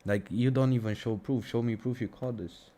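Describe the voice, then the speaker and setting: A man's voice: mid-range voice, steady tone, moderate pace, warm tone. A young man ranting on a casual live stream, exasperated and sarcastic, swearing and calling everyone "bro", with his mic right at his mouth. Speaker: livestream trading streamer.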